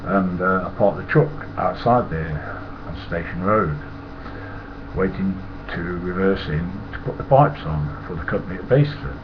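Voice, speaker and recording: A man's voice: deep voice, measured pace. An older man with a Nottingham accent, telling casual, rambling anecdotes, chuckling and swearing freely. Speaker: storyteller. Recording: muffled lo-fi with loud hiss.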